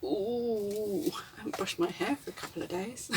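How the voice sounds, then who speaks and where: A woman's voice: mid-range voice, normal speed, a little mellow, distant mic, a little hiss or hum. A woman, rambling reflectively and candidly in a casual vlog, often chuckling. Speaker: vlogger. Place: inside a camper van.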